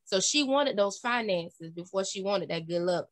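A woman's voice: mid-range voice, lively intonation, no room sound, low-quality recording. A woman in a casual podcast chat, making her argument and restating it carefully. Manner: poses a pointed question and then restates it slowly.

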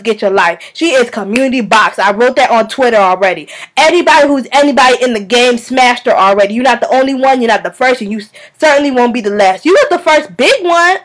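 A woman vlogger rants straight to her viewers, sassy and scolding, with plenty of bounce and attitude. Her voice sits high, and she keeps circling back to hammer her point home. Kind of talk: casual rant to camera.

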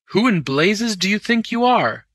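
A man voicing a gruff male bank manager who speaks in loud, exclamatory bursts. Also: sits high, animated, a little slow, no echo, clean studio sound, voice pushed up, full character voice. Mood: suspicious. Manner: loud, exclamatory, sharply raised voice.

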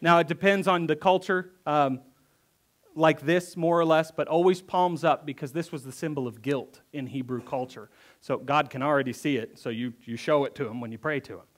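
A pastor preaching a conversational sermon, reading verses aloud and then acting them out with emphatic repetition. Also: male voice, a little high, normal speed. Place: church.

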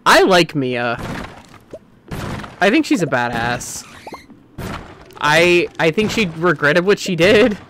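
A man streaming a game, chatting casually and opinionated, swinging between excited outbursts and muttering. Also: a little high, slow pace, pauses often, a little hiss or hum. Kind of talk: casual gameplay commentary.

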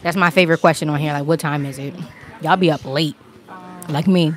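A woman's voice: low voice, fairly even intonation, brisk. A woman livestreaming from an outdoor restaurant patio, chatting casually and rambling, a little out of breath, speaking into a handheld phone mic. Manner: chatty, rambling, laughs often. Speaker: vlogger. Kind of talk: casual live-stream chat. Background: crowd of people.

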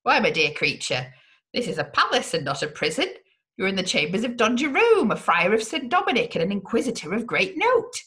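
A woman voicing a female prison servant with a lowered, confiding voice in a gothic storybook reading. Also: very animated, brisk, fairly bright tone. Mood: chatty.

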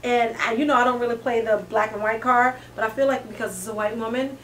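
A woman comedian co-hosting a casual talk show, animated and quick to laugh, recorded in an echoey room away from the mic. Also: on the high side, far from the mic, a little hiss or hum. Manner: animated, breaks into laughs and acted-out quotes. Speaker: comedian co-host. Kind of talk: casual chat.

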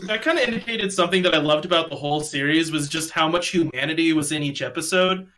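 A man's voice: a little high, quick pace, background noise. A man appearing as a guest on a casual review show, talking through his thoughts reflectively. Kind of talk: casual video-call chat.

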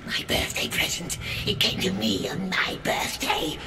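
An actor voicing a wretched, obsessive old creature in a video game, talking to himself in raspy whispers and sudden shouts. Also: male voice, sits high, lively intonation, unhurried, over loud music. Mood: possessive. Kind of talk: video game cutscene dialogue.

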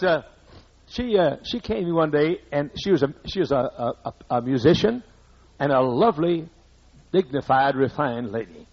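Man, pastor preaching, husky voice, emphatic and repetitive, muffled old tape. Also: on the high side, a little mellow. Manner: emphatic, repetitive, folksy asides. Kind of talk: sermon. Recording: dull lo-fi archive sermon tape.

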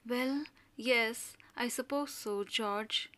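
A woman's voice: fairly high pitch, very slow. A woman voicing a timid, whispery neighbour woman. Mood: nervous, hushed. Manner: nervous, hushed and whispery. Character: timid, anxious middle-aged neighbour woman.

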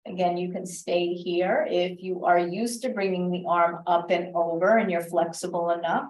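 Woman fitness instructor, lowish voice, calm step-by-step cueing, echoey room, picked up from a distance. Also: normal speed. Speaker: stretch class instructor. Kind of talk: guiding an exercise class. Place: library class room.

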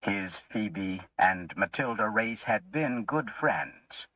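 Slow, expressive male storyteller. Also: lowish voice, dry recording. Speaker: narrator. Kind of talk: scripted story narration for English learners. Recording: muffled lo-fi, distant mic.

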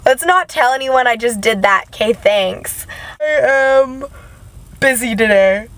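A woman's voice: a little high, measured pace, a bit bright, no room sound. A tired young woman vlogging casually from inside a vehicle, rambling and joking at her own expense. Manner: chatty, rambling, self-mocking. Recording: noisy car background.

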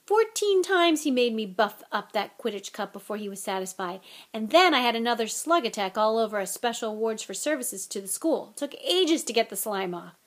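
A woman's voice: on the high side, animated, moderate pace. A gloomy teenage wizard from a storybook reading, as a woman voices him. He grumbles in a heavy, put-upon way, complaining about his chores. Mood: grumbling. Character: gloomy schoolboy wizard, freckled best friend.

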